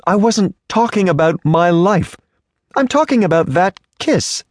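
A man's voice: high-pitched, lively intonation, measured pace, dry recording, pitched above the performer's own voice. A man voicing a prim, indignant young lady in a Western romance audiobook, speaking formally and haughtily.

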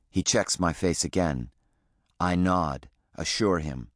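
A man reading an audiobook in the first person, with measured, reflective storytelling. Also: deep voice, dry recording, clean studio sound. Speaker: audiobook narrator.

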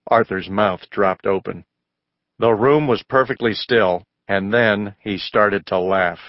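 A man reading a children's storybook aloud, narrating in a lively way and raising his voice for the characters. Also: takes it slowly, no echo, lo-fi sound. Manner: raises pitch for child and mother voices. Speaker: audiobook narrator.

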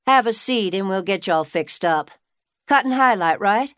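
A woman narrator voicing a young beauty shop owner who chats brightly and goes quiet when uneasy. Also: fairly low pitch, clear, resonant tone, no echo, clean studio sound.

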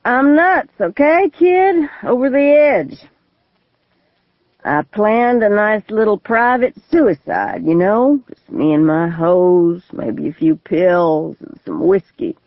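A woman's voice: mid-range voice, expressive, takes it slowly, no echo, voice pushed up. A woman voicing a drunk, suicidal middle-aged male lawyer with a mocking, drawling manner, on a tinny, phone-like recording. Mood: taunting. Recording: tinny phone-like, dry audio.

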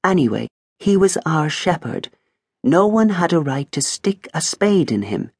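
A man's voice: fairly high pitch, sing-song, breathy edge, no room sound, clean studio sound, pitched above the performer's own voice, exaggerated voice. A man voicing a shrewd, composed female sheep who reasons carefully. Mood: resolute. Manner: measured and reasoning.

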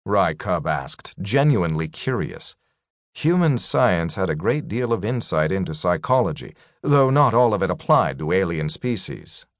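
A man narrating an audiobook at an unhurried pace, his low voice rising and falling with a lot of expression. The recording is dry and close, with no room sound. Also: dry recording. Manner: measured, expressive reading. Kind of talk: scripted narration.

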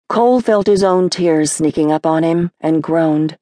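A woman narrating a horror novel audiobook in a measured storytelling manner. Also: low voice, warm tone, dry recording, clean studio sound. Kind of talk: scripted narration.

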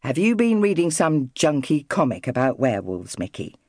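A no-nonsense mother, voiced by a woman reading aloud talks firmly yet soothingly, with a lively rise and fall. The read is dry and close to the mic. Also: sits low, moderate pace, no room sound. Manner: firm but soothing. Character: brisk, caring mother of five.

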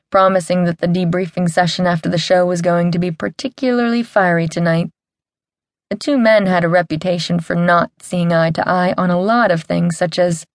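Low-pitched woman narrating with dry, close sound. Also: dry recording. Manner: wry, comic storytelling with lively character voices. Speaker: audiobook narrator. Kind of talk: first-person audiobook narration.

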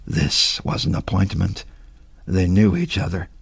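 A man, the author, narrating his own suspense audiobook with dramatic, expressive delivery. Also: low-pitched, unhurried, creaky, husky, no echo. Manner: expressive, voices characters.

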